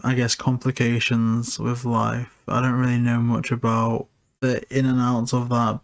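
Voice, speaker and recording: Rambling man reviewing a cartoon film. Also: medium pitch. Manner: rambling, heavy use of filler "like". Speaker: podcast co-host reviewing a film. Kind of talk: casual chat.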